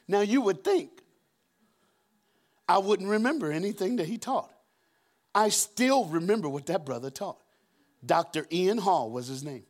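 Animated preacher man. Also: measured pace, long pauses. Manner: animated, acts out scenes with shouted high voices and deep voices. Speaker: guest preacher. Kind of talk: storytelling sermon. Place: church auditorium.

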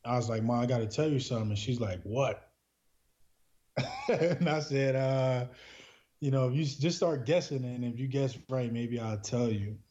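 Guy from new jersey, mellow low-key voice, earnest and rambling, kinda dull lo-fi sound. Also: moderate pace. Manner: earnest, heavy with filler words. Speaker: podcast guest. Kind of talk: casual storytelling. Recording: dull lo-fi recording.

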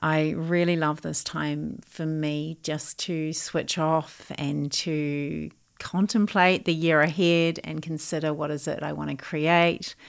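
A woman's voice: low-pitched, level tone, slow pace, gravelly, smooth. A middle-aged woman from Australia, a coach hosting her own podcast, talking in a thoughtful, earnest way. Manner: thoughtful, earnest, with occasional laughs. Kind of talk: reflective solo podcast talk.

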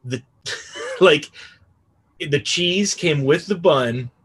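A man's voice: a little high, very slow, a bit bright, slightly rough. A young man telling a casual, rambling story on a podcast, swearing freely and padding his sentences with "like.". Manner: rambling, profane, full of "like" fillers.

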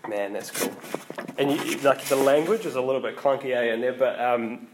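A man giving a casual, conversational sermon, often pausing with ums and restarting his sentences. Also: mid-range voice, a little hiss or hum. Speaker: preacher.

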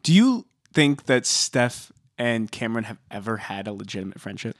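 A man's voice: on the low side, expressive, normal speed, no echo. Dry-sounding teasing man. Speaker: podcast co-host. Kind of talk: casual banter.

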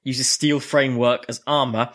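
Man, co-host, casual and amused, mid-pitched, reads facts. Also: steady tone, moderate pace, fairly bright tone. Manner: laughs often, reads out robot facts. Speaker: podcast co-host. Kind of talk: casual chat about robot combat.

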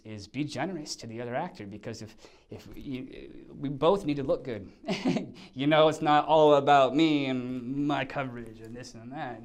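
A man talks through stories from his acting work, throwing himself into each retelling. His voice sits in an ordinary middle pitch, neither deep nor high. He tosses in little sound effects and voices the people he describes. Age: under 50. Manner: animated, acts out quotes with sound effects. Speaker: actor, interview guest. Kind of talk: casual storytelling in an interview.

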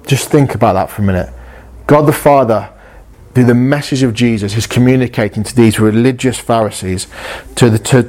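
A man's voice: fairly low pitch, darkish tone. A man delivering a sermon, earnest and insistent. He leans on repetition, circling back to the same phrase to drive a point home, and throws rhetorical questions at his listeners. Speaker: pastor.

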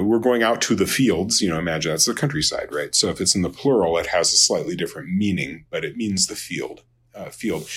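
A man teaching a Latin lesson in an unscripted lecture, halting with many fillers and restarts and dry asides. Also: sits low, a bit bright, breathy edge. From Minnesota, United States.

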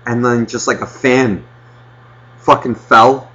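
Husky man on a profane rant. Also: mid-range voice, steady tone, takes it slowly, bright, forceful tone, dull audio. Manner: profane, ranting storyteller. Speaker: podcast host. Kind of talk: casual chat.

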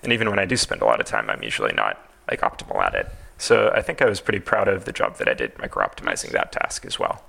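A man's voice: rumbling low, wildly swooping pitch, fast talker, creaky, few pauses, bright, forceful tone, slightly rough. A man as a podcast guest, talking in a thoughtful, hedging way with many fillers. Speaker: podcast guest, TAS creator. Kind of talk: casual podcast interview.

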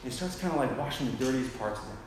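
A man's voice: mid-range voice, expressive, fast talker, slight background noise. Slangy young man preaching in an echoey hall. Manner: slangy and conversational, full of "dude" and "like"; dramatic, acts out the people in the story. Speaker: youth speaker at a church. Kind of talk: casual retelling sermon. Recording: echoey hall with faint ambience.

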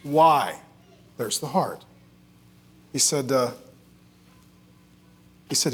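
A middle-aged male pastor preaching in a relaxed, conversational way, telling family stories and cracking self-deprecating jokes. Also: mid-range voice, extremely slow, pauses often, slightly rough. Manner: joking, self-deprecating storyteller.

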